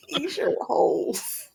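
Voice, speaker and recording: A woman's voice: high voice, vocal fry. A woman co-hosting a casual podcast chat, teasing her partner and laughing often. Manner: teasing, giggly, quick to laugh. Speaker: podcast co-host.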